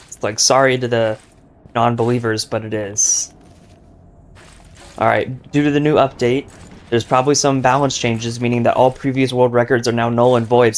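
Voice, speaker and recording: A young man giving casual, joking gameplay commentary, boastful and rambling with lots of filler words. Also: medium pitch. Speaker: gaming YouTuber.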